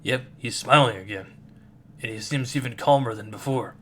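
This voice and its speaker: A man reading a comic aloud and doing all the characters' voices. His narration is lively and excitable, with a mid-range voice. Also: mid-range voice, moderate pace, a little hiss or hum. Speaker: comic reader.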